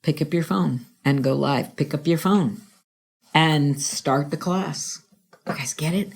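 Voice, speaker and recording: A middle-aged woman hosting a podcast, coaching listeners through a slow breathing exercise in a soothing voice that drops to whispers. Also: low voice, gravelly, slightly rough.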